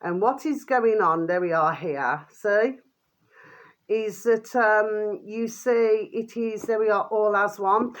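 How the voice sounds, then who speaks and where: A woman's voice: medium pitch, a bit bright. An older woman vlogging in a rambling casual monologue, full of fond pet names, fillers and trailing restarts.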